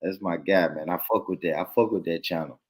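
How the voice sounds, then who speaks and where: A man hosting a casual live stream, laid-back and laughing, rattling off shout-outs to viewers. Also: low voice, fast talker.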